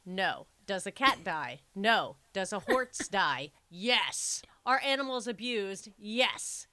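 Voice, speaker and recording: A woman co-hosting a casual podcast, telling stories with emphatic, animated delivery. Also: mid-range voice, slow. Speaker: podcast co-host. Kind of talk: casual chat.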